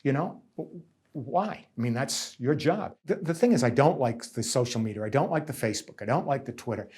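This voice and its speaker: A man's voice: mid-range voice, expressive, a little fast, a little mellow, slightly rough. A middle-aged man from central Massachusetts, a nursing union negotiator, giving emphatic interview answers as he tells stories and often repeats himself. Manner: emphatic, repeats himself, voices others' words. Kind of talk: interview answers, reflective storytelling.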